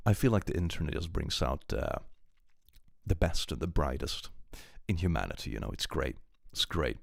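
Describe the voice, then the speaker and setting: A young man from Sweden talks in a Swedish accent, casual and sarcastic, cursing freely as he reads his chat. His voice sits low but swings up and down expressively, and it sounds dry and close. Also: moderate pace, vocal fry, no echo. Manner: sarcastic, animated, swears freely. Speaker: streamer reading chat. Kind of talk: casual live-stream chat.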